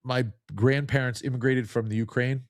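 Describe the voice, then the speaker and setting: A man's voice: mid-range voice, steady tone, moderate pace, no echo, clean studio sound. A man hosting a podcast, chatting casually and telling jokey stories. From New Jersey. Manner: chatty, joking, storytelling. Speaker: podcast host. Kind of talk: casual interview chat.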